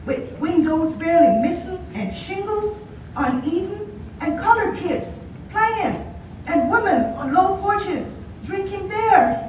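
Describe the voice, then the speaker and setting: High animated woman in an echoey hall. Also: takes it slowly, recorded from a distance, a little hiss or hum. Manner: animated storytelling with voiced quotes. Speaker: student performer. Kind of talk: theatrical monologue performance. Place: stage or hall, recorded from far off. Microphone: distant camera mic.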